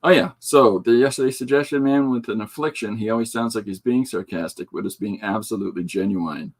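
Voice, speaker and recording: Male comic artist hosting his own show: rambling, joking delivery, somewhat low and husky. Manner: rambling, joking, with many fillers and asides. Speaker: comic artist and podcast host. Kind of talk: casual rambling chat while showing artwork.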